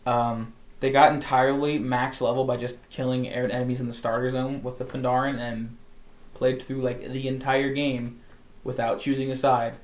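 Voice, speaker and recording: A man's voice: medium pitch, level tone, moderate pace, roomy sound. A man co-hosting a podcast, talking in a casual, enthusiastic, rambling way with lots of restarts. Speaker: podcast co-host. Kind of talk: casual chat.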